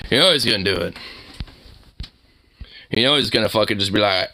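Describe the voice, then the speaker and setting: A man's voice: lowish voice, expressive, a little fast, vocal fry, long pauses, bright, forceful tone, slight background noise. A man chatting casually and playfully to his pets, teasing them in baby-talk. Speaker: pet owner vlogger. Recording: guitar music playing behind.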